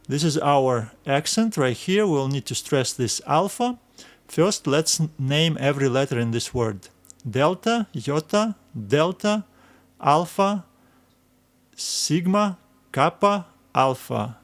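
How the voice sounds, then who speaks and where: Man teaching in a somewhat high voice. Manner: patient step-by-step explaining, naming letters aloud. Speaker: Greek language teacher. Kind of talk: recorded video lesson.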